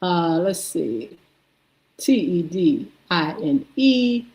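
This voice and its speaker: A woman hosting a live morning stream, slowly reading out and greeting viewers by name, sounding out names as she goes. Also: lowish voice, sing-song, a little mellow, rough recording. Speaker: host. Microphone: streaming setup.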